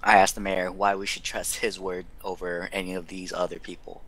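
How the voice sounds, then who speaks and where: A man playing a tabletop game, blunt and confrontational in character. His voice is very low and nearly flat in pitch. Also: a little fast, dry recording. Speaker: player. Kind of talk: tabletop game role-play.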